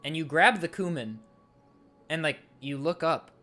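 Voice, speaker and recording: Animated male game master narrating. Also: on the high side, unhurried, faint music behind. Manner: animated storytelling, sound effects, chuckling.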